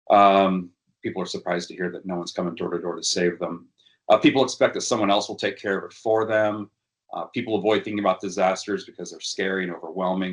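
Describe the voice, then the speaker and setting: Deep-voiced man presenting hesitantly. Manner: hesitant, many fillers and restarts. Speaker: workshop presenter. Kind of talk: educational workshop talk.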